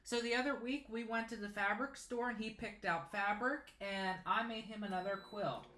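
A man's voice: high-pitched, normal speed, sharp tone, echoey room, a little hiss or hum. A young man in his late teens hosting a casual sewing livestream, chatting and reading viewer comments aloud as he answers them. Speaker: sewing channel host. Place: home sewing room.

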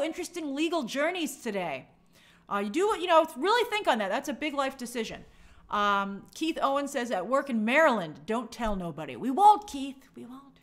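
Reading viewer comments during a casual livestream chat, a woman from New York gushes bubbly praise and trips over hard names. Her voice is high-pitched and a bit bright.

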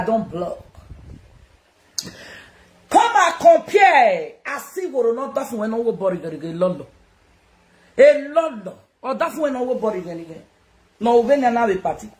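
A Nigerian woman chatting casually to her followers, loud and teasing, often laughing. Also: medium pitch. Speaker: social media personality. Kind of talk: casual self-recorded chat to followers. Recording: echoey room with faint noise.

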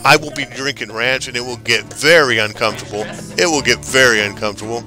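A man's voice: mid-range voice, quick pace, over music. A man streaming a game live, chatting casually and hyping up his viewers. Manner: chatty, hyped, talks back to viewers.

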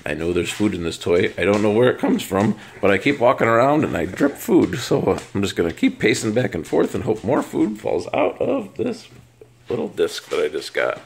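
A man's voice: fairly low pitch, huge pitch swings, normal speed, creaky, a little hiss or hum, exaggerated voice. A man voicing his food-obsessed black lab as a dopey inner monologue. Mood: musing.

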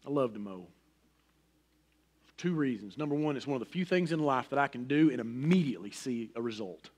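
A middle-aged man preaching a sermon in a folksy, personal way, swinging from loud emphasis to a hushed near-whisper. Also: mid-range voice, animated, fast talker. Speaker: pastor.

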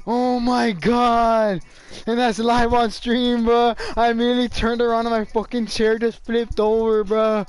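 A man streaming a game live, shouting and swearing excitedly, repeating phrases over and over. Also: very high-pitched, measured pace, smooth, no room sound. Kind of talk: hyped live gaming commentary.

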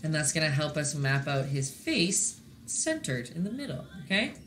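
A woman's voice: low-pitched, very animated, moderate pace, fairly bright tone, slight background noise. A woman leading a casual live-stream painting lesson, chatty and encouraging, often checking in with her viewers as she goes. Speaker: painting instructor.

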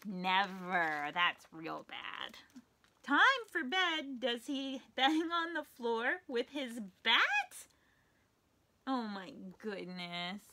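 A woman with a high, bright voice reads a children's picture book aloud, her pitch swooping up and down with every line. She takes her time and talks straight to the little listener in a playful, animated way. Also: drawn-out words.

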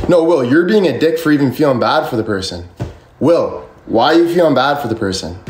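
A young man rambles through a casual livestream chat, answering comments, his talk packed with "like" and swearing. His voice sits at an ordinary male pitch. He is recorded in an echoey room with a faint hum of ambience. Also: expressive, brisk, darkish tone. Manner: rambling, swears a lot, constant "like" fillers.

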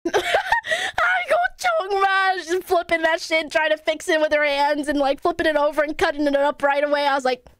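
A young woman streamer telling stories to her chat in an animated, swearing, laughing way. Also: high voice, quick pace, few pauses, no room sound, clean studio sound. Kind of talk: casual stream chat to viewers.

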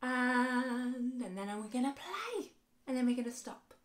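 Woman, 30s, high voice, cheerful kids' music teacher, clear and encouraging. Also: big pitch swings, a little mellow. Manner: upbeat, encouraging, speaks slowly and clearly to young children. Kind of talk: children's music lesson.

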